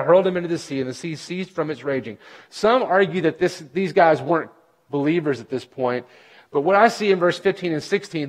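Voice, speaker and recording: A man preaching a sermon, reading scripture aloud and explaining it with emphatic bursts and quiet asides. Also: mid-range voice. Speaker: pastor.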